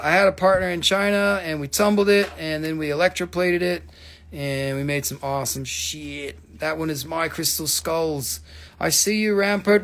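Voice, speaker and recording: A man's voice: fairly high pitch, fairly bright tone, slight background noise. A man hosting a live crystal sale, rambling and joking as he swears freely and talks to viewers by name. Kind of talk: casual live sales pitch.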